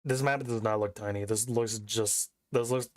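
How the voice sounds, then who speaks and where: A man's voice: on the low side, fairly even intonation, normal speed. A young man chatting casually as a game streamer, rambling, cursing and interrupting himself. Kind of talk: casual chat while streaming. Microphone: desk mic.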